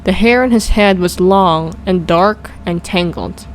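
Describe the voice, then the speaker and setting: A woman reading a children's storybook aloud in a calm, steady way as narrator. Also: on the low side, unhurried, slight background noise, low-quality recording. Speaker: audiobook reader.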